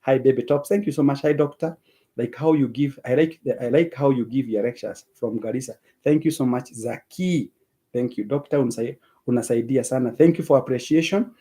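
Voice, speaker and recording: A man's voice: medium pitch, a little fast, warm tone. A man with a Kenyan accent hosts a live stream and reads out viewers' names and comments, thanking each of them and slipping between English and Swahili. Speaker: livestream host reading viewer comments.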